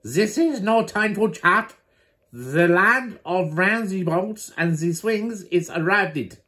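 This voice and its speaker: A man voicing a hurried, muddled male pedlar while reading a children's storybook aloud. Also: sits high, animated, pushed and bright, voice pushed up, heavily acted.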